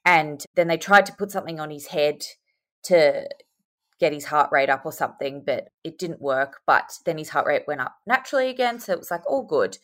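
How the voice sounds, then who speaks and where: A young woman, a podcast guest telling her story in a chatty, animated way over a video call. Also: low-pitched, a little fast. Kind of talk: casual chat.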